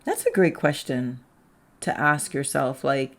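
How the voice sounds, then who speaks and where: A woman giving a casual tarot reading, chatty, peppering her talk with "like" and "right?", and slipping into quick acted-out quotes. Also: extremely low pitch. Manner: chatty, fills speech with "like" and "right?". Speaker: tarot reader.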